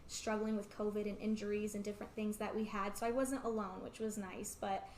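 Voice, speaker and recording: A woman's voice: mid-range voice, level tone, a little fast, a little mellow, a little hiss or hum. A young woman in her twenties, an interview guest, telling a personal story in a chatty way full of "like". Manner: chatty, peppered with "like", acts out quoted remarks. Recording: echoey room with faint ambience.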